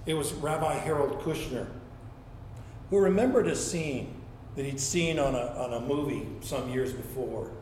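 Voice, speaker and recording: A man's voice: medium pitch, unhurried, a little mellow, a little hiss or hum. A man preaching a sermon as a pastor, telling stories and acting out quoted speech, often repeating words as he goes. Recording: echoey room sound.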